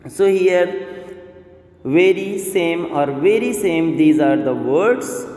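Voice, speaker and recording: A man teaching a grammar lesson, explaining slowly with repeats and fillers. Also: fairly high pitch, animated, a little mellow. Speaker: English teacher. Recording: echoey room with long reverb.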